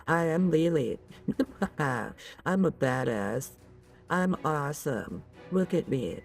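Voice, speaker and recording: Woman putting on a deep raspy pirate baddie girl, cocky, drawls real slow, soft music behind. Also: animated, heavily acted. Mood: boastful. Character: swaggering young female pirate, cocky and tough. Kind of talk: voicing a game character.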